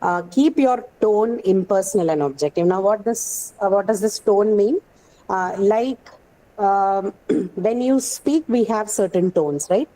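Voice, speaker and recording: A woman lecturer teaching a class, often checking in with the students and pausing with fillers. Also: mid-range voice, warm tone, poor audio. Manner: checks in with frequent "right?" and fillers. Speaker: university lecturer.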